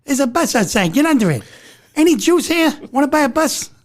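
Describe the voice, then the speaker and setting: A man doing an impression of a hot-tempered, needling mob tough guy, loud and menacing. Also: extremely high pitch, very animated, a little fast, pitched above the performer's own voice.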